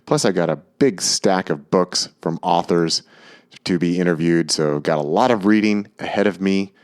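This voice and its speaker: Low-voiced man in his forties hosting. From United States. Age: 40s. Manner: easygoing and chatty, with frequent filler pauses. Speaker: podcast host. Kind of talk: casual podcast talk.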